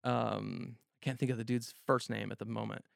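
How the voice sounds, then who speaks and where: A man in his thirties telling a long story in casual, profane talk, rambling with many fillers and getting animated. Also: on the low side, moderate pace, vocal fry, no room sound, clean studio sound.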